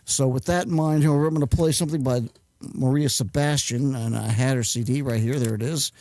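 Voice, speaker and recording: A man's voice: mid-range voice, fairly even intonation, fairly quick, warm tone. A man hosting a show, talking in a rambling casual way and getting flustered as he fumbles with his gear. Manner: flustered, muttering while fumbling with equipment. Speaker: host.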